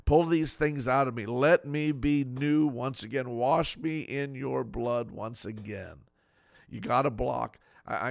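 Man, pastor, sermon, earnest pleading tone, repeated short phrases, middle pitch, dry close recording. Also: gravelly, no room sound.

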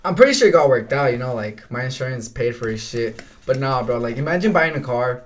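A young man casually telling stories on a podcast, in a middle-pitched voice. His delivery is laid-back and full of swearing and "bro," and he laughs through his own stories. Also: animated, brisk. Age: young adult. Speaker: podcast co-host. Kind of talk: casual storytelling chat.

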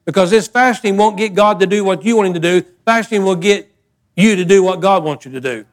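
A man's voice: sits high, a little fast. An older man preaching a sermon as pastor, folksy and emphatic, with repeated phrases.

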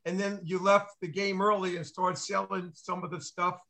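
A man's voice: high-pitched, little pitch movement, normal speed, creaky, sharp tone. An older man on a panel, teasing an old teammate with stories. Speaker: former ballplayer on a panel. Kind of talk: casual storytelling on a panel.

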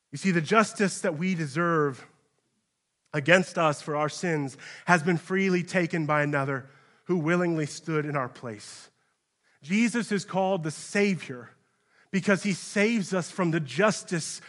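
A man preaches a sermon with a fairly high voice. He moves between hushed, grave stretches and raised, urgent ones. He keeps putting questions straight to his congregation. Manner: earnest preaching with sharp swings between hushed and raised passages; direct address to listeners with rhetorical questions. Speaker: pastor. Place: church.

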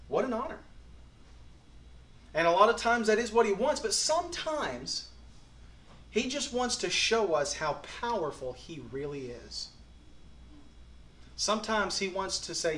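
A man preaching a morning sermon, earnest and folksy, who swings between quiet reflection and emphatic bursts. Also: high-pitched, big pitch swings, measured pace, pauses often, roomy sound, a little hiss or hum. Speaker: pastor.

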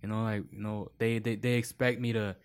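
A man's voice: lowish voice, little pitch movement, a little fast, clear, resonant tone. A man telling long work stories in casual chat, rambling with many fillers and acting out quoted voices. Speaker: podcast guest.

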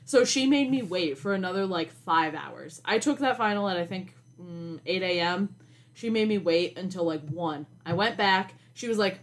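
Young woman ranting about college on a podcast, animated and fed up, laughs it off and swears a lot. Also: medium pitch, normal speed. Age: young adult. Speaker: podcast co-host. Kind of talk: casual storytelling.

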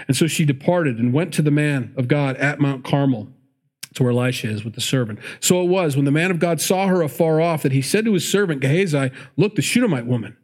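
A man's voice: medium pitch, darkish tone. A man preaching a sermon, reading scripture aloud and breaking off into chatty asides, correcting himself as he goes. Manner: chatty asides between read verses, self-correcting.

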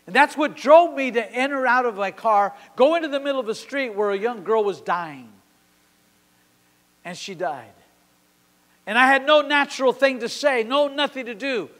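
A man in his sixties preaching a sermon at a church service. He tells a story with passion, swinging from sudden loud peaks to quiet drops. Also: extremely high pitch, moderate pace. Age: 60s. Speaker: pastor. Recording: long hall reverb.

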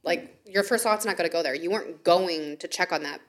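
A woman's voice: fairly low pitch, fairly quick. A woman co-hosting a podcast, mostly listening and chiming in with short supportive replies. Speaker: podcast co-host. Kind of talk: casual chat.

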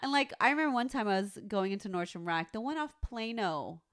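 A woman telling a story in casual chat, animated, swearing freely and acting out what people said. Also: mid-range voice, a little fast, smooth, no room sound, studio quality.

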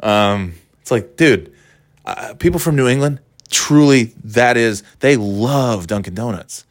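A man's voice: mid-range voice, animated, measured pace, no room sound, studio quality. A man from the US East Coast talking casually to camera, rambling and sardonic, with many restarts and fillers. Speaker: vlogger.

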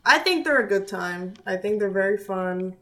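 A woman's voice: mid-range voice, expressive, moderate pace, sharp tone, slight background noise. A young woman in casual podcast chat, storytelling with quoted voices in an everyday middle register. She talks loosely and jumps between thoughts. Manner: chatty storyteller, acts out quotes. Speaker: podcast co-host, kindergarten teacher.

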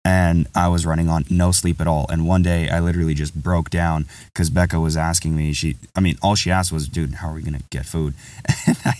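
A man with a very low voice tells a long story on his podcast, loose and candid, often calling his friend "bro." He sits a bit away from the microphone, so the voice sounds slightly distant. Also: level tone, brisk, few pauses, darkish tone, dry recording. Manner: rambling, candid, says "bro" a lot. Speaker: podcast host.

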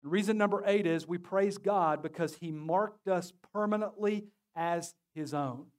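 A man's voice: high-pitched, a little slow. A man preaching a sermon as pastor, joking and calling on his congregation to answer back. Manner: lively, joking, calls on the congregation to respond. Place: church sanctuary.

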